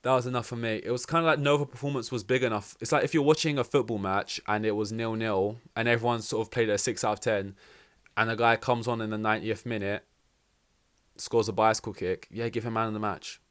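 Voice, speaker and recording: Excitable young man podcast host. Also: fairly low pitch, quick pace, smooth. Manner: excitable, rambling, swears freely. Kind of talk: casual race reaction commentary.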